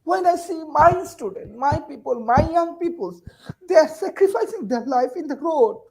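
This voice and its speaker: A woman's voice: high-pitched, animated, moderate pace, darkish tone, poor audio. A woman from Bangladesh, a university teacher speaking, gives an emotional, urgent panel speech full of repeated phrases and rhetorical questions. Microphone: video call.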